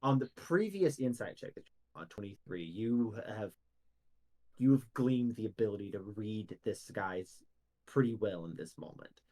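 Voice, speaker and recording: A man narrating as game master of a tabletop role-playing game, measured and descriptive. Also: fairly low pitch, lively intonation, dark tone.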